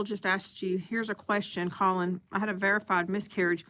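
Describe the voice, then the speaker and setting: A woman's voice: mid-range voice, fairly even intonation, normal speed, fairly bright tone. A woman hosting a live stream, chatting casually and eating as she talks.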